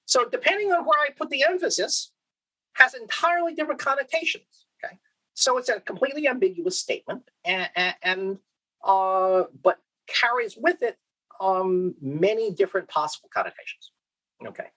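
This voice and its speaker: A man's voice: high-pitched, moderate pace, poor audio. A man giving a conference keynote lecture, asking the audience rhetorical questions and checking in with "okay?". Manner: lively, questioning, frequent "okay?" and restarts. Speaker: keynote speaker.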